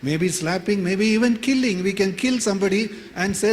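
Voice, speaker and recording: A man with an Indian English accent preaches in a plain, conversational way, repeating his key phrases. His voice sits a little high for a man. It rings with a long reverb in the church hall, with a faint hiss underneath. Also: normal speed. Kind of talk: sermon.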